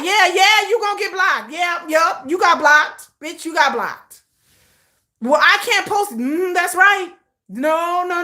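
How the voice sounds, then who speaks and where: This is a casual livestream rant from a middle-aged American woman who swears freely and keeps repeating herself for emphasis. Her voice sits high and has a sharp edge.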